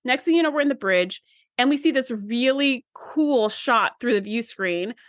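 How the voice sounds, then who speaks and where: A woman co-hosting a podcast, recapping a TV episode in a chatty, animated way. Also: on the high side, moderate pace, no room sound, studio quality. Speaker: podcast co-host. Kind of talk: casual recap chat.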